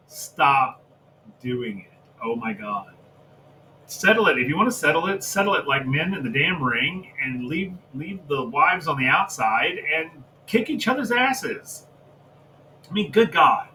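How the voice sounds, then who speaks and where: A man's voice: a little high, sing-song, measured pace, bright, forceful tone, slight background noise, poor audio. A man co-hosting a wrestling review podcast, ranting heatedly and with lots of profanity about a storyline. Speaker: podcast co-host. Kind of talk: casual wrestling review chat.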